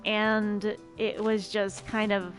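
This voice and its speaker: A woman's voice: mid-range voice, little pitch movement, slow pace, over music. Chatty woman streamer telling a story. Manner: chatty, emphatic, with many restarts. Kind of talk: casual story time.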